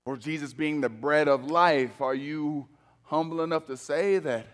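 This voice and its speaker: Slow, dramatic preacher in a reverberant hall. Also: male voice. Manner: dramatic shifts between loud emphasis and hushed low delivery. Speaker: pastor. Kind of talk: sermon. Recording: long reverb of a large hall.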